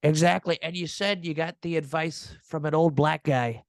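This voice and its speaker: A self-praising elderly statesman, voiced by a male comedian, rambling through a comedy podcast. He circles back to the same lines, boasts constantly and sits noticeably high in his register. The room sounds close and dry. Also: fairly even intonation, moderate pace, dry recording, natural voice. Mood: boastful. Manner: rambling, repetitive, bragging asides. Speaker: podcast host. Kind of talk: comedic improvised interview.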